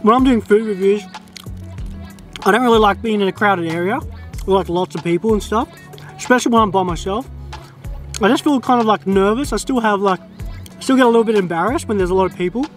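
A man's voice: high-pitched, soft background music. A young Australian man chatting casually to camera outdoors while trying food, easygoing and talkative. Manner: chatty, easygoing, drawn-out mm sounds while tasting. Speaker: food vlogger. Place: quiet open field outdoors.

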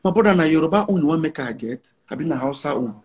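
A man's voice: on the high side, expressive, fast. A Nigerian man in his forties, a musician giving an interview, talking in an emphatic, boastful way in Nigerian English mixed with Pidgin, often repeating himself.

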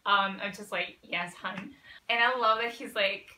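A woman's voice: medium pitch, fairly even intonation, moderate pace, pushed and bright, roomy sound, a little hiss or hum. A woman hosting a reaction video, chatting casually and gushing emotionally, on the verge of tears. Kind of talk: casual chat reacting to a TV episode.

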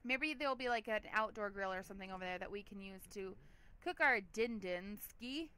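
Bright, chatty woman commenting on a game. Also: mid-range voice, quick pace, clear, resonant tone. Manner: chatty and giggly, lots of "like". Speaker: let's play host. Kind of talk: casual gameplay commentary.

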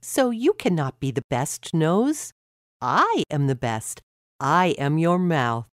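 A woman's voice: sits low, very animated, takes it slowly, no room sound, studio quality, full character voice. A woman voicing a proud, bossy talking mouth in a children's story, speaking insistently. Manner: insistent, self-important.

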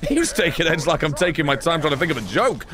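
A man streams a game and talks over it in a loud, sarcastic, sweary way, yelling at the enemies. His voice sits high and leaps all over the place in pitch. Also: very animated, fast. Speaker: gaming streamer. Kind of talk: gameplay commentary.

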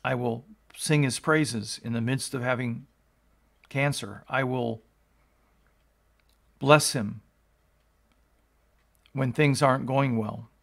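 A man's voice: medium pitch, steady tone, slow pace, gravelly, pauses often, fairly bright tone. A male pastor reading scripture aloud and explaining it, in an earnest teaching tone that rises for emphasis. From United States.

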